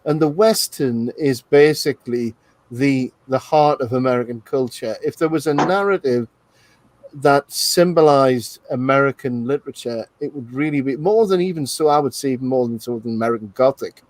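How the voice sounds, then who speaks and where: A man hosting a live film commentary, chatting casually and slowing down to make his points. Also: medium pitch, a little mellow, no echo. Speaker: host of live movie commentary.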